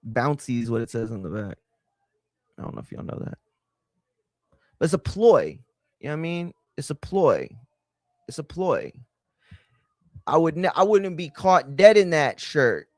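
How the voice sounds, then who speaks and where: A man hosts a wrestling live stream in a profane, heated rant. His voice leaps between high, loud outbursts and low grumbling asides, and it sits a touch high for a man. The sound is close and dry, with no room echo. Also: sing-song, moderate pace, long pauses. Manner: profane, heated, swings from shouting to muttering. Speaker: livestream host. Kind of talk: ranting live-stream commentary.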